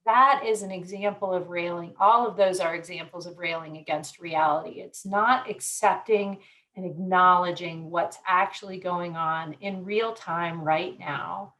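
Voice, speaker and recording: Measured woman psychologist explaining. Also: fairly low pitch, sharp tone, rough recording. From Colorado. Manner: explanatory, measured, gives everyday examples. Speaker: psychologist guest. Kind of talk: conversational interview.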